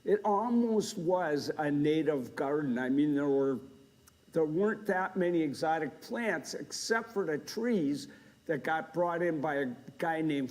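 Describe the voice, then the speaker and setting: Lively older man telling stories on stage. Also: on the high side. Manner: animated storyteller, big voiced sound effects and laughs. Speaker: gardening speaker. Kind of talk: humorous live talk to an audience. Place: lecture hall before a live audience.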